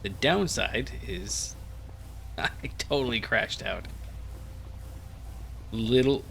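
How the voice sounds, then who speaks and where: A man's voice: medium pitch, lively intonation, very slow, vocal fry, fairly bright tone, a little hiss or hum. Groggy man rambling over gameplay. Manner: rambling, thinking aloud with many fillers. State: groggy after a nap. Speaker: gaming channel host. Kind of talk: casual Let's Play commentary.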